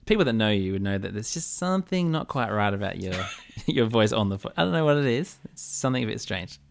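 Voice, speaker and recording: A man co-hosting a casual podcast, making jokes with a dry, deadpan manner. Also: lowish voice, fast, vocal fry, slight background noise. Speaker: podcast co-host.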